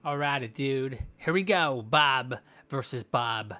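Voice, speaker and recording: Goofy trash-talking male gamer, slow. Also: medium pitch, bright, forceful tone. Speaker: gameplay commentator. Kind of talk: casual gameplay commentary.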